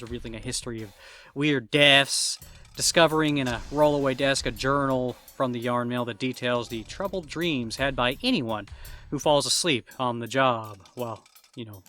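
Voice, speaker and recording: A man's voice: medium pitch, bright, forceful tone. A man giving a wry, jokey scripted review of a horror movie, rambling at times. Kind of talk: casual scripted review narration.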